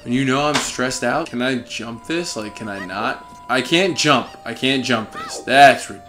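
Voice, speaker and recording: A man's voice: mid-range voice, measured pace, bright, forceful tone, faint music behind. A young man giving sarcastic, exasperated commentary while playing a video game. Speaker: let's play host. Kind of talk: gameplay commentary.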